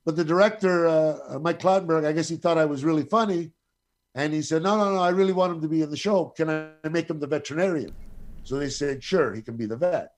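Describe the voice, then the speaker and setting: Man, middle-aged, slightly high voice, casual storyteller, profane, acts out quoted lines. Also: fast talker. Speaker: guest storyteller. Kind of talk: casual anecdote telling.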